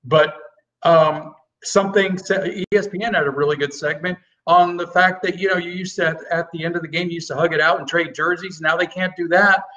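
A man joining a sports talk show as a guest analyst, rambling with halting restarts. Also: a little high, steady tone, bright, forceful tone. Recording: distant dull remote audio.

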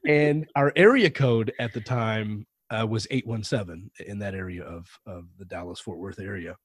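A man being interviewed on a podcast, telling anecdotes in a relaxed, conversational way and animating the voices of people he quotes. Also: on the low side, normal speed, breathy edge, no echo. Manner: anecdotal, animated when quoting others. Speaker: podcast guest. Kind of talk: conversational storytelling.

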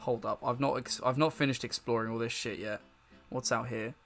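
A male streamer commenting on a first-time video game playthrough during a live session. He jokes and swears freely and often laughs. His voice is mid-pitched and unremarkable in tone. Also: fairly even intonation, fairly quick, gravelly, a bit bright, faint music behind. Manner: profane and joking, laughs often. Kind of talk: live let's-play commentary.

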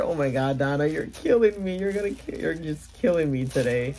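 A woman's voice: deep voice, animated, brisk, few pauses, dark tone, a little hiss or hum. A woman vlogging a casual unboxing for her giveaway challenge, gushing and emotional, at times tearful. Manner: gushing, emotional, exclaims often.

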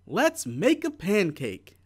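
A man voicing an eager young boy in a storybook who shouts his news with excitement. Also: high voice, slow, slightly rough, pitched above the performer's own voice, full character voice.

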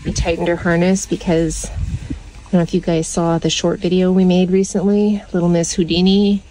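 A woman vlogging casually from inside a parked car, chatting to viewers and cooing at her dog in a high sing-song voice. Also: little pitch movement, moderate pace, dark tone, a little hiss or hum, low-quality recording. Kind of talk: casual chat.

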